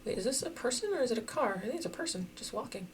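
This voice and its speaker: A woman giving casual, chatty commentary while playing a geography guessing game, thinking out loud and laughing often. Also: a little high, lively intonation, racing, slight background noise. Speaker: game streamer.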